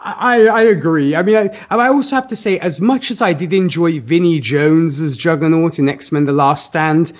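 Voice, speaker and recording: Man, podcast host, casual movie discussion, fairly high voice, slightly dull lo-fi sound. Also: normal speed, few pauses. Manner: leads the talk, asks co-hosts questions.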